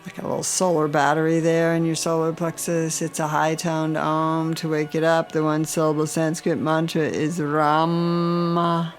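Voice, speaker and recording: A woman's voice: low voice, flat delivery, normal speed, hardly any pauses. A woman leading a guided chakra meditation, giving soothing breathing cues and intoning mantras.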